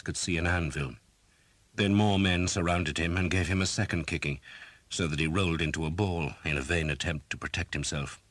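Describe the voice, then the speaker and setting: A man reading an audiobook in a measured, dramatic narration style, close to a studio mic. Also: a bass voice, fairly bright tone, dry recording. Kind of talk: scripted narration.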